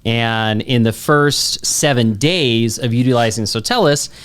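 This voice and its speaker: A man's voice: medium pitch, a little slow, fairly bright tone, clear, resonant tone. A man co-hosting a casual business talk, agreeing briefly and then telling a client example plainly. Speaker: co-host of a business talk show.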